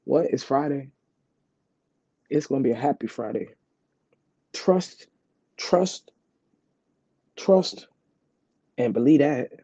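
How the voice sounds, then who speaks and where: Husky man with a very dark voice. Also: medium pitch, moderate pace, pauses often, no echo. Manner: rambling, repeats himself, fillers like "like". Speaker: vlogger. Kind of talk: casual storytelling. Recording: dull, dry lo-fi sound.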